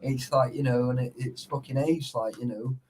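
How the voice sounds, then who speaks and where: A man, telling stories in a sweary, animated casual chat about urban exploring. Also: medium pitch, moderate pace.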